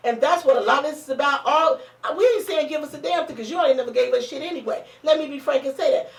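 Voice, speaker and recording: A woman hosting a casual chat show, hoarse and blunt, talking in a fired-up, profane way. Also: high-pitched, fast talker. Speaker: talk show host. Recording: roomy, distant mic.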